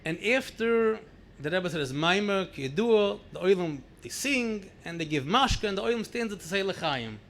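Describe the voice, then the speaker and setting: A middle-aged man, a rabbi, telling family stories in a lively anecdotal way, repeating words for emphasis. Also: sits high, moderate pace. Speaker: rabbi sharing memories at a gathering. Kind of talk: storytelling speech.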